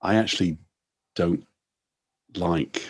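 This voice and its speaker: A man's voice: sits low, takes it slowly, breathy edge. A man from England interviewing a guest, thoughtful and rephrasing his questions as he goes. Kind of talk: casual conversation.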